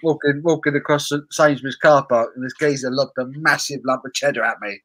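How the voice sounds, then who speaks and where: A man's voice: medium pitch, brisk. A man with an English accent telling jokes and chatting on a casual group video call. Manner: animated, tells jokes.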